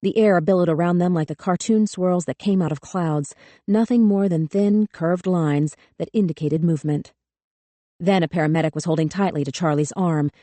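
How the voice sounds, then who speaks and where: A woman narrating a thriller audiobook in a measured, tense way. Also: on the low side, dark tone, dry recording. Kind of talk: scripted narration.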